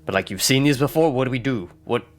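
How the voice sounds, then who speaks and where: A man's voice: mid-range voice, fast. A man playing a tabletop game, asking anxious questions. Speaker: player. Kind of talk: casual tabletop game play.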